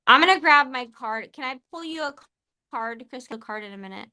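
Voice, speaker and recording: A woman's voice: high voice, lively intonation, a little fast, bright, forceful tone. A woman hosting a live podcast, chatting casually in a rambling, emotional, giggly way. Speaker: podcast host.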